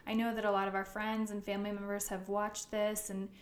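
A woman co-hosting a podcast in casual chat. She talks fast and fills her pauses with ums. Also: mid-range voice, completely flat delivery, echoey room. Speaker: podcast co-host.

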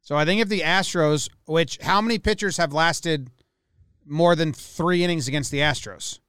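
A man's voice: a little high, moderate pace, fairly bright tone, smooth, no room sound, studio quality. A man on a sports podcast, asking questions and thinking aloud, restarting his sentences as he goes. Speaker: podcast co-host. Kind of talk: casual sports chat.

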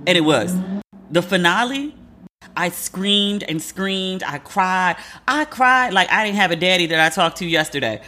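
Woman, 40s, solo podcast host, animated and chatty, acts out quotes. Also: on the low side, unhurried. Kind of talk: casual solo commentary.

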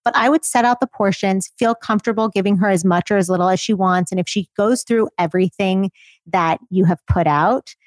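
A woman's voice: mid-range voice, brisk, no room sound. A woman co-hosting a parenting podcast, giving direct, practical, reassuring feeding advice on a close mic. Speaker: podcast co-host, feeding expert.

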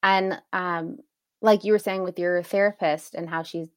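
A woman in her thirties talks as a podcast co-host, explaining her points in a relaxed, conversational way. Her voice is on the low side and she laughs easily. The recording is close and dry. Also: moderate pace, no echo. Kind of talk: casual conversational chat.

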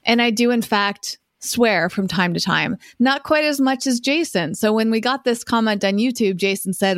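A woman's voice: fairly high pitch, animated, moderate pace, no room sound, clean studio sound. A woman co-hosting a podcast, talking casually and reflectively, thinking aloud with small hesitations. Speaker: podcast co-host.

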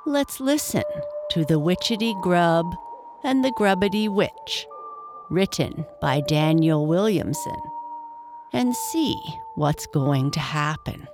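A woman reading a rhyming children's story aloud, gentle and expressive. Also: fairly low pitch, slow pace, music in the background.

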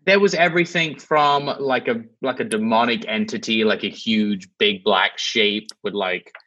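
A man's voice: on the low side, normal speed, sharp tone. Rambling male guest on a dull line. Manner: rambling, loose storytelling with many fillers. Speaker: podcast guest. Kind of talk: casual chat.

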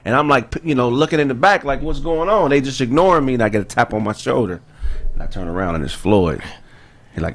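A man's voice: mid-range voice, lively intonation, quick pace. A man hosting a podcast, chatting casually and telling a profane anecdote. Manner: laid-back, profane, tells anecdotes. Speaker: podcast host. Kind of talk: casual chat.

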